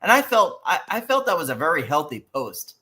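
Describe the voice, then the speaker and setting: Male co-host, higher voice, animated, casual slang. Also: a little fast. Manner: animated, says dude and like a lot. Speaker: podcast co-host. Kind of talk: casual chat.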